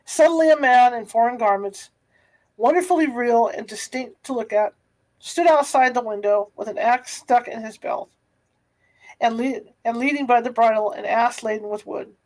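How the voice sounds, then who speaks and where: A woman's voice: a little high, darkish tone, rough recording. Woman reading a classic story aloud. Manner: unhurried, with small stumbles and restarts. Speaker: reader.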